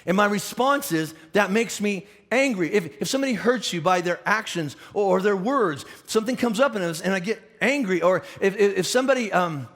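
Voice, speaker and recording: A middle-aged man preaches from the pulpit in a chatty, animated way, acting out the listeners' doubts and tripping over restarts. His voice sits high for a man and swings widely in pitch. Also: brisk, few pauses. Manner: animated, conversational, many restarts and acted questions. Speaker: pastor. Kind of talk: sermon.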